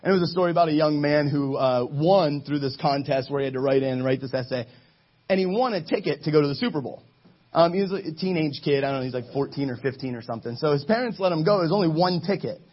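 Male preacher, relaxed and joking storyteller, slightly raised pitch, muffled lo-fi sound. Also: fast. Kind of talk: casual sermon to a live group.

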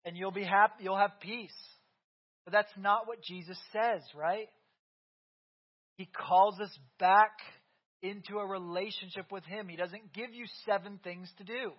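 Pastor, man, 30s, high voice, casual back-and-forth sermon delivery, dull lo-fi church recording. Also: steady tone, unhurried. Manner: conversational, keeps asking "right?". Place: church sanctuary.

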